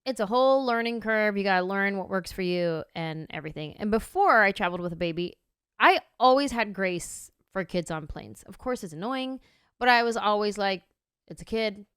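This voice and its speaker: A woman in her thirties hosting a podcast, telling a story in a casual, animated way and acting out her own reactions. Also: medium pitch, normal speed, smooth, no room sound, studio quality. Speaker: podcast host.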